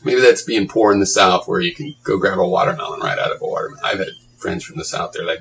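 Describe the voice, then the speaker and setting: A man's voice: deep voice, fast talker, few pauses, a bit bright, a little hiss or hum, poor audio. A man reading blog comments aloud and mocking them in a sarcastic, profane running commentary.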